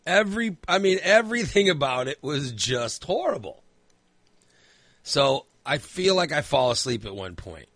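Man, bright dry voice, rambling casual storyteller who swears a lot. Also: fairly high pitch, very animated, normal speed, no echo. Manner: rambling storyteller, filler-heavy, swears freely. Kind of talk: casual chat.

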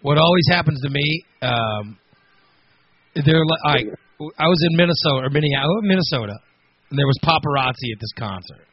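A man hosting a casual radio chat, an animated storyteller who acts out quotes and gets loud. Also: fairly high pitch, brisk, slightly rough, muffled recording.

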